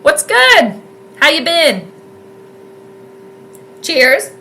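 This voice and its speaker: A young woman giving casual live commentary on a football game from her home, chatting with viewers and yelling at plays. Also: extremely high pitch, huge pitch swings, very slow, slight background noise. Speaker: sports commentator and astrologer streaming live. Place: home room with space heater.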